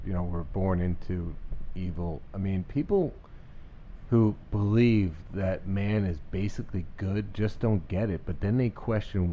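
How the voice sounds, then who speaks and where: A man's voice: low voice, dark tone, a little hiss or hum. A man on a faith talk show, speaking earnestly in casual chat and quoting preachers he admires.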